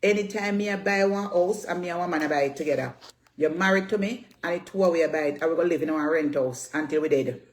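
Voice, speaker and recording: A woman's voice: low voice, fast. A Jamaican woman in her fifties rants on social media. She is brash and scolding, repeats her jabs, and swears freely at her critics. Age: 50s. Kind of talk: heated social media rant.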